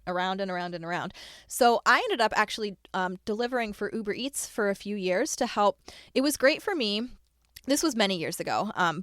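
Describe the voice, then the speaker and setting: A young adult woman talks straight into a close mic in a dry, deadened room, hosting her own podcast. Her delivery is chatty and candid, with quick self-deprecating asides. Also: medium pitch, a bit bright, dry recording. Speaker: podcast host. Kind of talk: solo podcast monologue.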